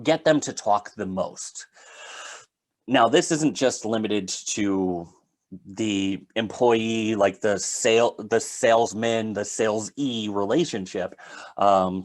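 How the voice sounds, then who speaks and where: A man giving a conversational solo talk on sales, explaining step by step with casual fillers. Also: lowish voice. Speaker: sales trainer.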